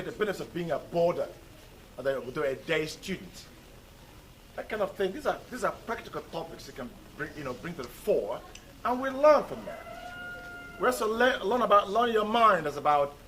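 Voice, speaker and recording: A man's voice: fairly high pitch, fairly bright tone. A male teacher in a school classroom, drilling pronunciation and talking to his students with rhetorical questions. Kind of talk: classroom lesson and talk to students. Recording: noisy classroom recording.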